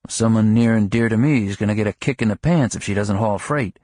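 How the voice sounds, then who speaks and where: A man reading an audiobook, voicing a joking middle-aged clerk husband with sardonic, mock-gruff banter. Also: lowish voice, brisk, darkish tone, dry recording, clean studio sound, lightly acted. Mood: wry.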